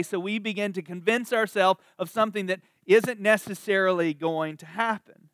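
A man's voice: high-pitched, steady tone, moderate pace, a bit bright, no echo. A man preaching a sermon at a church service in a conversational, emphatic way, drawing out the words he wants to stress.

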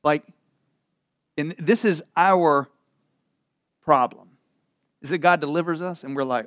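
Man preaching, high voice, slow delivery, dramatic scripture reading, casual asides. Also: no room sound, clean studio sound. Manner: animated storytelling with frequent laughs and asides; reads scripture slowly and dramatically. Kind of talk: sermon.

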